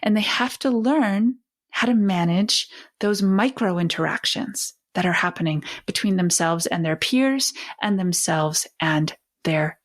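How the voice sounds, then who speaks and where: Slow, expressive woman parenting coach. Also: mid-range voice. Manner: expressive, emphatic, acts out dialogue with a child. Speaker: parenting educator and host. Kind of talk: teaching talk to parents and educators.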